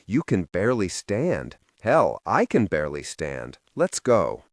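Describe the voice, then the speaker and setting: A man voicing a weary, tender young male mage who speaks quietly and gently, stumbling over foreign words. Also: low voice, huge pitch swings, measured pace, no room sound, studio quality, exaggerated voice.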